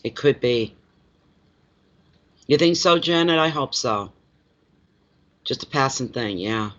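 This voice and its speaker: A man, a card reader chatting casually on a livestream from home, expressive and quick to laugh, greeting viewers by name. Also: mid-range voice, lo-fi sound. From Atlantic Canada.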